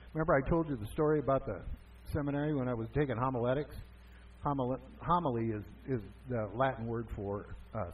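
A man's voice: mid-range voice, breathy edge. A man preaching a conversational sermon as pastor, asking and answering his own questions. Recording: tinny phone-like sound from far off.

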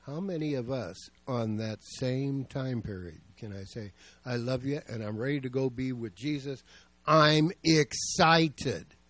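A man's voice: mid-range voice, moderate pace, dark tone, dry recording. Man preaching a conversational sermon. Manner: storytelling, plain and conversational. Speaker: pastor.

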